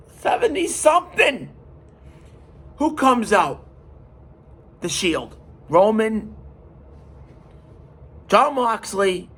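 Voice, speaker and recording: A man hosting a podcast, retelling a story in an animated, emphatic way. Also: a little high, husky. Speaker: podcast host. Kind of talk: casual storytelling.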